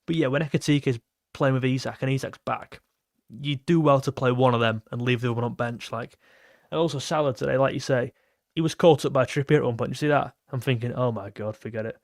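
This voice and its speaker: This football channel host is a young man whose mid-range voice keeps a steady tone at a quick pace. Reading out donations and viewer messages on a laid-back fan stream, he thanks supporters in a chatty manner, captured in studio quality without any room sound.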